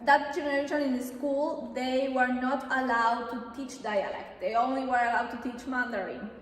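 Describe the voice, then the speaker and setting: A woman's voice: sits high, fairly even intonation, moderate pace. A woman from Argentina, a guest chatting casually, often giggling and slipping between languages. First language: Spanish. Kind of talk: casual interview chat. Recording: echoey room with long reverb.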